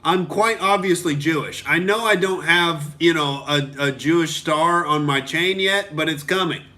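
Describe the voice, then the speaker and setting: Profane ranting male comedian, bright voice. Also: a little high, normal speed. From Oklahoma. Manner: profane, heated ranting, reads viewer comments. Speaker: comedian hosting a live stream. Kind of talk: ranting live-stream commentary.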